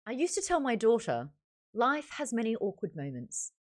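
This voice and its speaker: A woman's voice: a little high, wildly swooping pitch, normal speed. Australian woman putting on a prim English lady.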